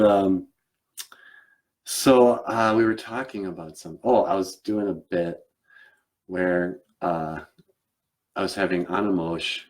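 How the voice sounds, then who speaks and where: Rambling deep-voiced male host. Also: a little mellow. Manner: rambling, many fillers and restarts. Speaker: show host and puppeteer. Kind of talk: casual live-stream chat.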